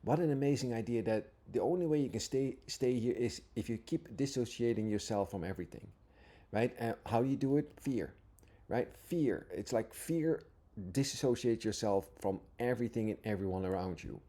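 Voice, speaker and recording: A man giving an earnest, informal spiritual talk, reading passages aloud and pausing to reflect, often checking in with "right?". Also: medium pitch, mellow. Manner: earnest, repeatedly asks "right?". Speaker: spiritual teacher.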